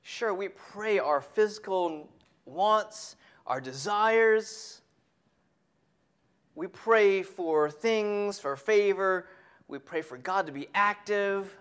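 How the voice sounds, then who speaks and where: A preacher giving a sermon who tells a family story and drops to a hushed whisper on key points. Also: mid-range voice, slow pace, smooth.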